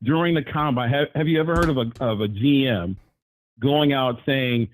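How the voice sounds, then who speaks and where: A man calling into a live sports talk show, rambling and animated, often jumping his voice up to quote people. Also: medium pitch, moderate pace, low-quality recording. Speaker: caller.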